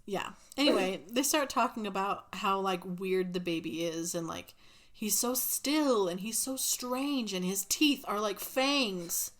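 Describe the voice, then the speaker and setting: Woman podcast co-host, chatty sarcastic plot recap, mid pitch. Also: unhurried. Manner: chatty, sarcastic, laughs while retelling. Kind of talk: casual chat recapping a movie.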